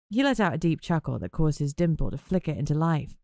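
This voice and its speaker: A woman's voice: low-pitched, very animated, quick pace, few pauses, dark tone, no room sound, clean studio sound. A woman narrating a first-person novel in a wry, conversational way. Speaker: audiobook narrator.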